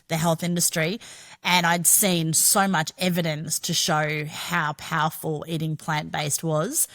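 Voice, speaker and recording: Lowish and a bit bright, this voice belongs to a middle-aged Australian woman recounting her own life as a podcast guest. She's chatty and frank, curses freely, and keeps the storytelling candid.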